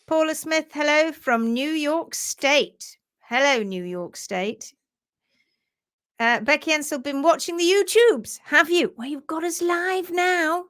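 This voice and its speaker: A talkative woman hosts a casual livestream from her home office. Her voice sits high and she keeps up a friendly running chat, greeting viewers one by one and laughing easily. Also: takes it slowly, fairly bright tone. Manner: chatty, greets viewers by name, laughs often. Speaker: host of a horse hoof care livestream.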